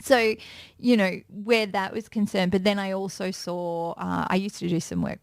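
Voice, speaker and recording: A woman's voice: mid-range voice, moderate pace, vocal fry, dry recording, clean studio sound. A woman, a music and pop culture presenter chatting as a guest in an interview, telling stories and acting out quotes. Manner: chatty storyteller, acts out quotes with lively voices. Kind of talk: casual interview chat.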